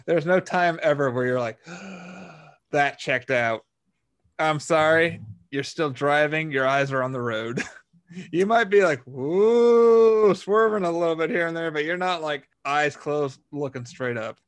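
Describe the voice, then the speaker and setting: A man's voice: fairly high pitch, a little slow, a bit bright, smooth. A man chatting casually about a film, laughing often and retelling scenes vividly.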